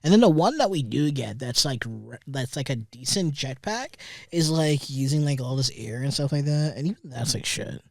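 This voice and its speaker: A man's voice: mid-range voice, expressive, moderate pace, gravelly, darkish tone, no echo. Young man, podcast host, rambling, sarcastic, swears a lot, dry studio sound. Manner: rambling, profane, sarcastic asides. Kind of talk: casual solo commentary. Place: recording studio.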